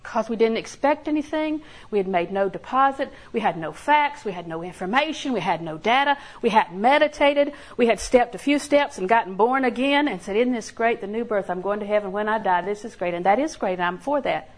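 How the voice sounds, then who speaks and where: A woman's voice: medium pitch, lively intonation, a little fast, hardly any pauses, rough recording. An older woman preaching a sermon in a folksy storytelling way, acting out little quotes and laughing along. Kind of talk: sermon with homey stories.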